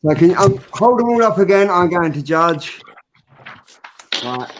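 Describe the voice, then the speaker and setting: A male host with a fairly high voice, joking and laughing as he leads a loose group chat. Faint noise sits under his voice on the video call. He keeps things moving by calling on each guest in turn. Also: big pitch swings, a little slow. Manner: laughing, joking, runs the game.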